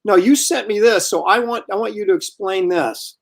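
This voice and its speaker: Easygoing male host, higher voice. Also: normal speed, creaky. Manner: joking, teasing, relaxed. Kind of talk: casual live-stream chat.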